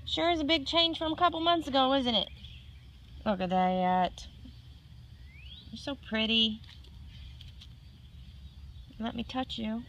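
Woman cooing at her pet in slow, swooping baby talk; noisy home camera audio. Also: fairly high pitch, expressive, a bit bright. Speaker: cat owner filming her cat. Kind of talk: casual home video.

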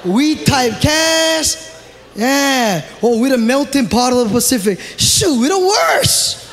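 A man with a Hawaiian Pidgin-tinged accent doing loud, animated live stand-up in a large theatre. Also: very high voice, slow pace, in a large hall. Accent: Hawaiian Pidgin-tinged English. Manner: loud, animated, shouting punchlines. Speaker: stand-up comedian. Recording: live theatre recording with audience noise.

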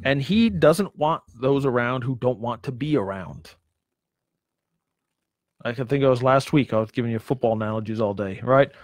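A man's voice: medium pitch, expressive, moderate pace, no echo. A man preaching a sermon, emphatic, with many rhetorical questions and repeated words.

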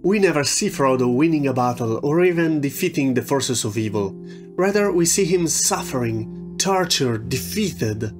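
A man's voice: mid-range voice, lively intonation, moderate pace, over music. Man narrating a reflective video essay. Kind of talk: scripted narration.

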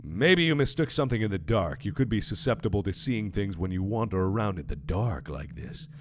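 A man's voice: on the low side, expressive, a little fast, voice pushed down, lightly acted. A man reading a skeptical young woman's game dialogue aloud, barely changing his own voice. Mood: chiding. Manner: read aloud as game dialogue, half-hearted.

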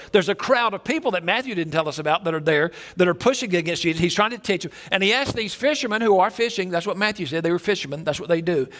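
A man's voice: high voice, fairly bright tone. A male pastor preaching a sermon in a church, telling stories with energy and many repeats and restarts. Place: church sanctuary.

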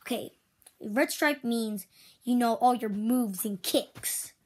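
A woman voicing a strict female toy karate teacher in make-believe play, switching between loud drill shouts and whispers. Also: fairly high pitch, slow pace. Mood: bossy.

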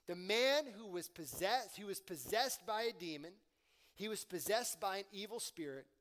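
A man with a fairly high voice preaches a sermon to his church. He talks in a casual, slangy way, pushing loud and emphatic on his questions and dropping to quiet asides. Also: animated, moderate pace. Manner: conversational preaching with slang and swings in volume. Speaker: pastor.

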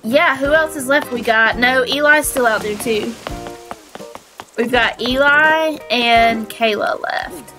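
A young adult woman streaming a game live, chatting excitably with viewers, giggling and squealing, her voice a little stuffy from allergies. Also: on the high side, slow pace, music in the background, low-quality recording. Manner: excitable, giggly, squeals when finding players.

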